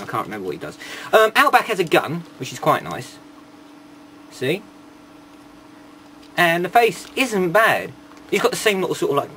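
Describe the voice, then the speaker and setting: A man's voice: mid-range voice, fairly bright tone, a little hiss or hum. Rambling, sarcastic man. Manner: rambling, irreverent, sarcastic asides. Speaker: toy reviewer. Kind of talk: casual toy review.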